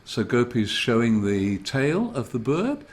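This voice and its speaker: Expressive man telling kids' stories. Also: mid-range voice, slight background noise. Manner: slow, exaggerated, expressive storytelling. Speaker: children's storyteller. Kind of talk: storytelling for young children.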